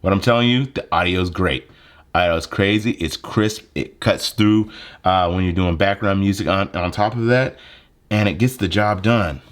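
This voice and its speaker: This casual gear tutorial comes from a young tech creator with a deep voice talking at normal speed. Recorded on a handheld phone mic, he walks through a phone video-editing setup and plug-in mic in a relaxed, conversational way with lots of fillers.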